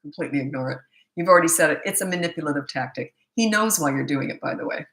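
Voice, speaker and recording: A woman's voice: low-pitched, lively intonation, fast, fairly bright tone. A middle-aged woman parenting coach answering questions bluntly, with no filter and a habit of laughing at herself. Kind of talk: live Q&A answering viewer questions.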